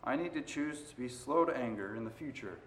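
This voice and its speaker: A man preaching a sermon, moving between quiet stretches and loud, emphatic passages. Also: mid-range voice, lively intonation, brisk. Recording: roomy echo.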